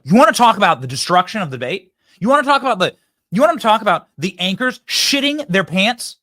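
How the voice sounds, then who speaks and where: A man delivering a political monologue as the host of his own show, his voice sitting a little high for a man. He swings his pitch widely as he repeats his points and acts out lines from an imagined debate. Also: very animated, quick pace, bright, forceful tone.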